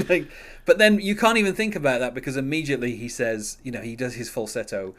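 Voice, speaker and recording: A man's voice: on the high side, sing-song, fast. Man rambling casually about music. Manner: rambling, many fillers and restarts, laughs often. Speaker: podcast host.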